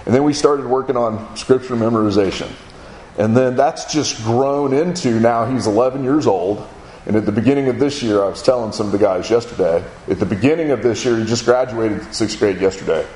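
A man's voice: brisk, darkish tone, slight background noise. Conversational man telling a story in an echoey room. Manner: conversational, acts out his son's and others' lines in a higher voice. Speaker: speaker at a men's gathering. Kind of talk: sermon-style storytelling.

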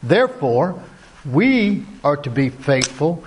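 Male speaker, slightly higher voice, earnest sermon-style talk to men, repeats phrases, asks the room questions. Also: very animated, slow, slight background noise. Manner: earnest, repeats key phrases, tells stories; asks the audience direct questions. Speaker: Christian men's ministry speaker. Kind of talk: sermon-like talk to a men's group.

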